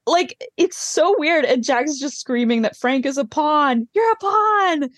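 A woman's voice: sits high, a little slow, no room sound. A woman co-hosting a podcast, recapping a show in casual chat and laughing often. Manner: chatty, laughs often, acts out quotes. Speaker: podcast co-host.

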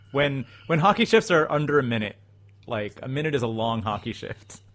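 A man's voice: medium pitch, expressive, moderate pace, a bit bright. A man in his forties co-hosting a podcast in casual chat. He laughs often and acts out what other people said. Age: 40s. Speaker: podcast co-host.

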